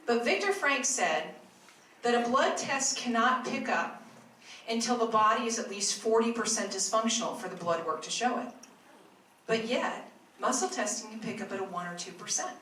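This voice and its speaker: A woman's voice: on the high side, lively intonation, normal speed, fairly bright tone. A woman who works as a health practitioner, giving a talk to a live audience in a chatty storytelling way with asides to her listeners. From Arizona, US. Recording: echoey room, mic at a distance, faint noise.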